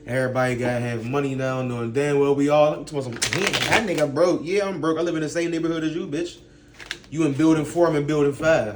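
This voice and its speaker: In a casual vlog rant to camera, a man with a slightly high voice speaks bluntly and profanely in street talk, firing off rhetorical questions. Background noise is audible.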